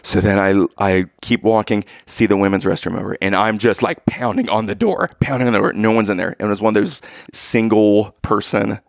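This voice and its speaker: A man telling a funny family story in casual chat, acting out his own past lines with loud outbursts. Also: fairly low pitch, brisk, gravelly, hardly any pauses, dry recording, studio quality.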